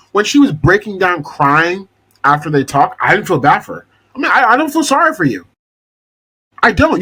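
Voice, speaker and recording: A man's voice: sits high, a bit bright, breathy edge, poor audio. A young man hosting a podcast, ranting casually and exasperatedly about a TV show and swearing freely. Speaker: podcast host.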